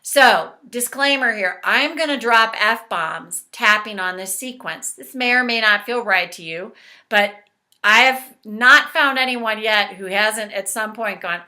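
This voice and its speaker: A woman's voice: medium pitch, lively intonation, takes it slowly, pushed and bright. A woman coaching a guided tapping session, leading blunt, profane statements for the listener to repeat.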